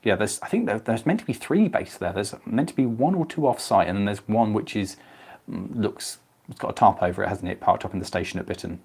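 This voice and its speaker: A man's voice: fairly low pitch, expressive, fairly quick, gravelly, darkish tone, breathy edge. A young man, chatting casually on a live stream and answering viewers' comments by name.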